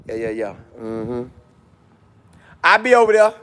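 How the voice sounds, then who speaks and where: A man's voice: high voice, unhurried, clean tone. A man chatting casually on a live stream, reading comments and riffing with jokes and repeated lines. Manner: animated, jokey, repeats lines, mock voices.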